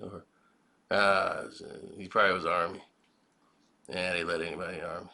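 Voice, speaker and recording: A man giving spoken commentary in a measured, reflective way, often posing rhetorical questions. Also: deep voice, level tone, gravelly, sharp tone. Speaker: commentary vlogger.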